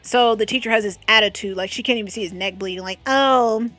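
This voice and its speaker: A woman's voice: mid-range voice, steady tone, quick pace, pushed and bright, faint music behind. A young adult woman chatting casually about a comic she is reading, gushing and chatty. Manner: chatty, gushing, with lots of fillers. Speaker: webcomic recommender. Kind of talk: casual chat.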